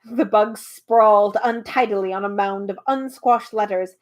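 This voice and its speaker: A woman's voice: mid-range voice, fairly even intonation, measured pace, lo-fi sound. A woman hosting a live read-aloud, narrating a storybook with animation and chatting casually with viewers; her voice is a little tired. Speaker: host reading a book aloud.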